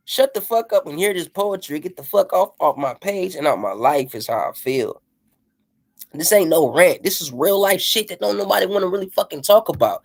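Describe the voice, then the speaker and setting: A man sounds off in an impassioned rant, swearing freely and preaching about goals. His delivery is emphatic and defiant, and he keeps checking in with "you know what I'm saying.". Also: high voice.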